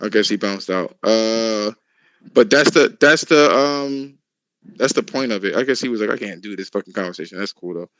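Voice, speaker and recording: A man hosting a casual podcast chat, telling stories in a loud, profane, laughing way. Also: on the low side, moderate pace, no room sound, low-quality recording. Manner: animated, profane, laughing storyteller. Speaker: podcast host.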